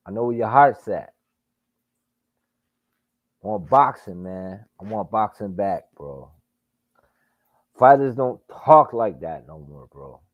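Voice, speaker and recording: Slow-talking, low-voiced male streamer. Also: no echo, highs cut off. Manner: profane, emphatic, drawn-out remarks. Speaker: boxing livestream host. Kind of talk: casual live commentary.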